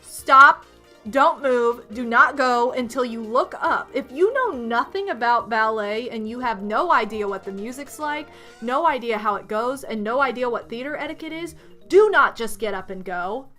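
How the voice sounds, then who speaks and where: High bright-voiced woman ranting. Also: normal speed, soft background music. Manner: exasperated ranting, animated, swings loud and soft. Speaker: streamer. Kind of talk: ranting stream chat.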